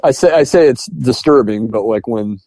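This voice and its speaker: A podcast co-host, a man with a warm, mid-range voice, chats casually about a movie at a moderate pace, laughing as he acts out its lines. The recording is dry, with soft music in the background.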